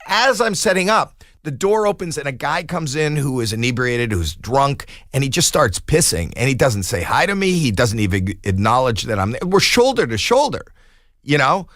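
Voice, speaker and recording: A man in his sixties, a podcast guest telling a comic story in an animated way and acting out the quoted voices. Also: mid-range voice, moderate pace, dry recording, studio quality.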